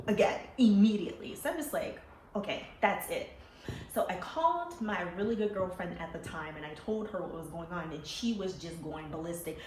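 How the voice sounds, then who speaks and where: A young adult woman telling a personal story in a lively, animated way. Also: lowish voice, a little hiss or hum. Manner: animated, laughing, acting out quoted voices. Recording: roomy echo with faint ambience.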